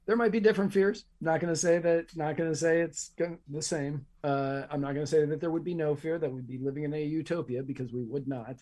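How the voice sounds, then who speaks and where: Podcast co-host, warm mellow voice, earnest and emphatic. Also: male voice, fairly high pitch, fairly even intonation, a little fast, few pauses. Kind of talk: casual chat.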